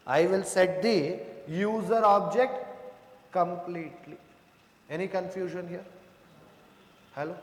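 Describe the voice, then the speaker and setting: A man's voice: high voice, slow, long pauses. A male programming instructor teaching a live coding lecture, walking students through code step by step and often checking in with questions. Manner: addresses students as "sir" and "boss". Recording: echoey room with long reverb.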